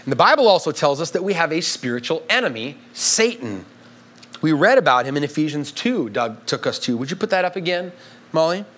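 A man's voice: on the high side, a bit bright. A man preaching a sermon to a congregation in an emphatic, conversational way, often checking in with the listeners. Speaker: pastor.

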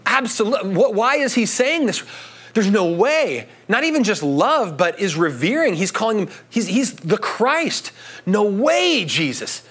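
A man's voice: high-pitched, normal speed, slightly rough. A man preaching a sermon in a conversational way, often checking in with his listeners. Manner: animated, conversational, frequent "right?" asides.

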